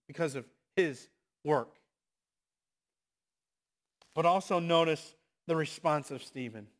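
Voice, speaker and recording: A man preaching a sermon, moving between loud, impassioned exhortation and hushed, quiet asides. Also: on the high side.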